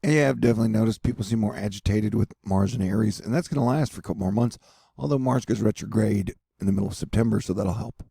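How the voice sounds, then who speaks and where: Weather vlogger, man, gravelly, dark-toned, jokey and rambling, dry close sound. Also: fairly low pitch, fast, no room sound. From United States. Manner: joking, rambling, affectionate toward viewers. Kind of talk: casual weather update monologue.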